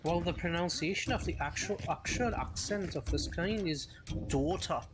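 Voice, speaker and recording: A man in casual gaming chat with a co-player, relaxed and chatty, swearing now and then. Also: sits high, normal speed, background noise.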